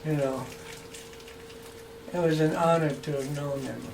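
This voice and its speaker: A man telling funny stories about an old friend in a relaxed chat, chuckling and acting out the quotes. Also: a little high, a little slow, creaky. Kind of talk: casual anecdotal storytelling. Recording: distant mic with faint background noise.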